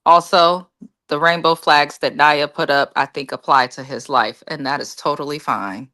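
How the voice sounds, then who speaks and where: A woman co-hosting a reality TV recap, giving measured, matter-of-fact opinions. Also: deep voice, steady tone, pushed and bright. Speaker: recap co-host. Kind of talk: casual recap commentary.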